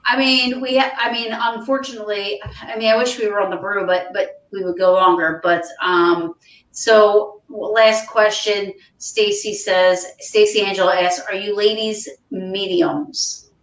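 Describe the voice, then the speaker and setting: A woman's voice: mid-range voice, steady tone, a little slow. A woman hosting a video call chat, friendly and hesitant, with many fillers. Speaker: podcast host. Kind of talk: casual chat. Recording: echoey room, distant from mic.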